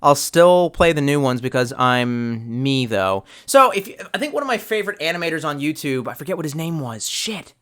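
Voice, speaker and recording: A man's voice: fairly high pitch, lively intonation, moderate pace, hardly any pauses, a bit bright, smooth. A young man streaming live, chatting loosely and swearing a lot, trailing off and restarting as he reads chat. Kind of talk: rambling casual stream chat.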